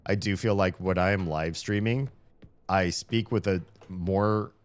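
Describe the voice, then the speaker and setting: A man's voice: sits low, fairly even intonation, unhurried. An American man chatting casually on a live stream, earnest and reflective, drifting from thought to thought. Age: adult with children.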